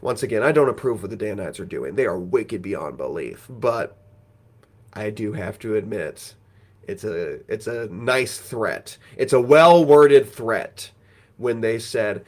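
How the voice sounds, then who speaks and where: A man's voice: lowish voice, lively intonation, a little slow. A man reading scripture aloud and retelling it in a conversational, folksy way as a Bible teacher. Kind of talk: scripture reading with casual commentary.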